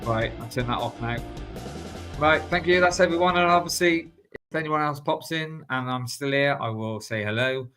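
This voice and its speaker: A man's voice: a little high, normal speed, over music. An English man in a casual livestream chat, greeting viewers by name and laughing often. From England.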